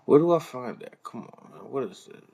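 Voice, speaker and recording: A man's voice: mid-range voice, big pitch swings, fairly quick, vocal fry, mellow, husky. A man hosting a live stream in casual commentary, rambling and swearing as he mutters to himself while fumbling with the computer.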